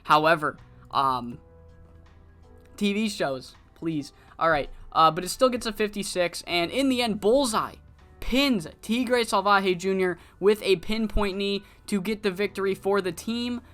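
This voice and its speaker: A casual narrator recapping a wrestling management game save, rambling with frequent ums and loose swearing. The voice sits mid-pitch over faint background music. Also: unhurried, fairly bright tone. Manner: rambling, profane, many fillers.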